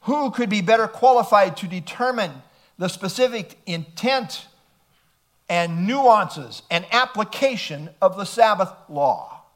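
A man's voice: sits high, expressive, a little slow, fairly bright tone. A man preaching a sermon, emphatic and throwing rhetorical questions at his listeners.

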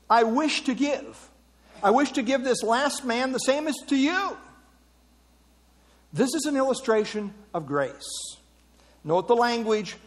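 Male preacher, very high voice, animated and emphatic, echoing in a large hall. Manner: emphatic, rhetorical questions, repeats words. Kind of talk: sermon.

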